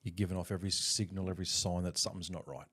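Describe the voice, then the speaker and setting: A middle-aged man hosts a casual chat with his sons in a very low voice. He asks long, probing questions, setting up each situation before asking why. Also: flat delivery, rapid-fire, a bit bright, husky. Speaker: podcast host and father. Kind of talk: casual family podcast chat.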